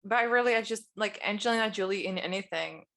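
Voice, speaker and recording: A woman co-hosting a casual podcast chat. Her pitch sits in the middle, and her talk is loose and easygoing. She rambles and often trails off mid-thought as she searches for what to say. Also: fast talker, a bit bright. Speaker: podcast co-host.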